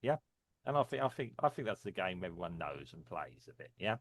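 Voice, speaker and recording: A man's voice: deep voice, sing-song, fairly quick, slightly rough, dry recording. A man co-hosting a casual discussion, rambling with many fillers and frequent chuckles. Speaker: podcast co-host.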